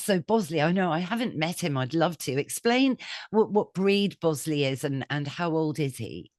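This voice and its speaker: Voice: mid-range voice, no echo. A podcast host, chatting thoughtfully and agreeably while asking a guest questions. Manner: reflective, agreeable, musing aloud. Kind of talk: casual interview chat. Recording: dry, close room sound.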